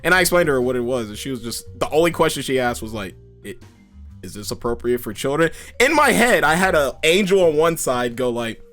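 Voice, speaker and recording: A man's voice: fairly high pitch, animated, quick pace, few pauses, fairly bright tone, faint music behind. A man hosting a casual interview, laid-back, swearing freely and laughing often. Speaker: podcast host.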